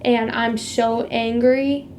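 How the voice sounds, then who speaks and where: A woman's voice: on the high side, little pitch movement, slow, darkish tone, a little hiss or hum. A woman telling a personal story in a casual, chatty way, leaning hard on "like" and stressing the big moments. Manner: chatty, heavy use of "like"; emphatic retelling of a past conflict. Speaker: vlogger sharing a faith testimony.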